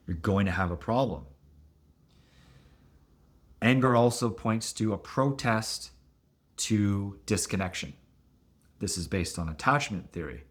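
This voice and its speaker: A middle-aged man explaining relationship conflict as a coach, lively and expressive, often acting out what partners say. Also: measured pace, long pauses. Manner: animated, acts out quoted voices with big pitch jumps. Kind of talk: teaching talk to camera.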